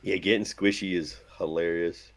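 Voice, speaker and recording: A man's voice: sits low, fairly even intonation, moderate pace. A man co-hosting a casual sports podcast, telling loose, laughing stories full of mimicked quotes and swearing. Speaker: podcast co-host. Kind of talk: casual chat.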